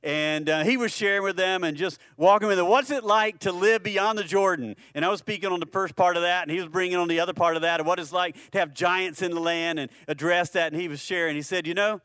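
High-voiced male pastor preaching conversationally. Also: fast, few pauses, a bit bright, no room sound, studio quality. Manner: conversational preaching, rhetorical questions to the congregation; repeats words when restarting. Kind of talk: sermon.

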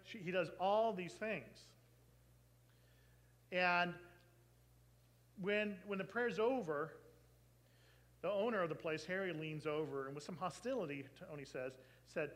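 A man preaching, telling a long story and acting out the people in it with lively changes of voice. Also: high voice, takes it slowly, long pauses, poor audio. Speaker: pastor. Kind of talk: sermon storytelling.

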